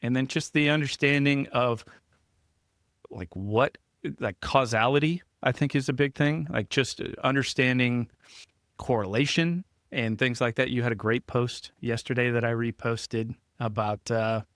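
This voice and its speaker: A man's voice: medium pitch, a little slow, a bit bright, no room sound, studio quality. A man hosting a podcast in a chatty, self-deprecating way, often laughing as he talks. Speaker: podcast host. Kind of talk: casual podcast chat.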